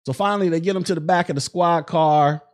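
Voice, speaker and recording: He's a podcast host whose fairly high voice moves fast. Recounting events in relaxed, conversational commentary, he uses plenty of fillers and acts out quotes.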